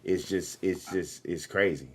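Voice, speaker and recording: A man's voice: deep voice, measured pace, husky. A man interviewing a guest, talking in an easygoing, agreeable way with a lot of "yeah.". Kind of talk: casual interview chat.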